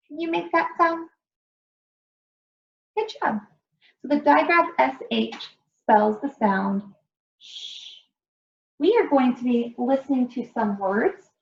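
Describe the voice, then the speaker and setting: A woman teacher giving an early reading lesson to young children, patient and encouraging, stretching out word sounds. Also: on the high side. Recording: roomy, dull lo-fi sound.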